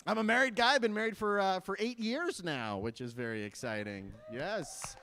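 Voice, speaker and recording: Lively self-mocking comedian from Michigan. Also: male voice, high voice, unhurried. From Michigan, USA. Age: 30s. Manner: self-deprecating, chatty with the audience, laughs at his own jokes. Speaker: stand-up comedian. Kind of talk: stand-up comedy set. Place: live event stage at a school fundraiser.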